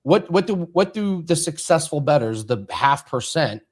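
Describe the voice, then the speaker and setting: A man's voice: on the high side, animated, normal speed. A man hosting a sports betting show, conversational and easy, prone to laughing. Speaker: host. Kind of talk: casual betting talk.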